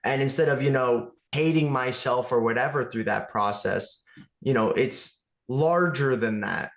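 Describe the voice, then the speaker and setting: A man's voice: mid-range voice, a little slow, gravelly, fairly bright tone, reverberant. A man talking earnestly as a podcast guest, thinking aloud about personal growth. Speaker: guest, movement studio owner. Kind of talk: casual conversation.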